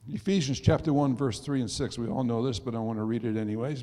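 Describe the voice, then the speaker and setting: A middle-aged male pastor preaching a sermon, dropping to soft asides and rising to loud emphasis. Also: mid-range voice, brisk. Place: church sanctuary. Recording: long reverb of a church hall.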